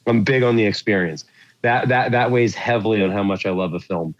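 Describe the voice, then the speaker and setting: A man co-hosts a movie podcast in a casual chat, his voice on the low side. He rambles and fills gaps with ums and likes as he hunts for words. The sound is dry and dull, with a lo-fi feel. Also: fairly quick, no room sound. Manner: rambling, searches for words with many fillers. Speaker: podcast co-host.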